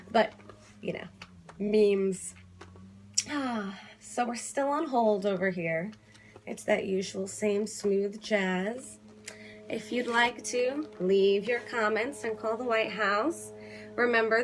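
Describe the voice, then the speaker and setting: A young woman talking casually to camera as an activist vlogger, quick and passionate with playful asides. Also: mid-range voice. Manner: fast, animated, playful asides. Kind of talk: casual direct-to-camera vlog. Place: home room, on hold on a phone call.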